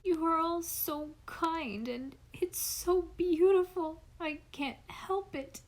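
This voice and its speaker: A woman voicing a frail, tearful young boy who is sobbing, speaking high and slowly. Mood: sobbing, grateful.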